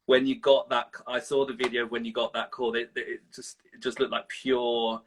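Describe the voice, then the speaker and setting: A man's voice: mid-range voice, little pitch movement, normal speed, breathy edge, low-quality recording. A man hosting a casual interview, asking long, rambling questions. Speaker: interviewer, host.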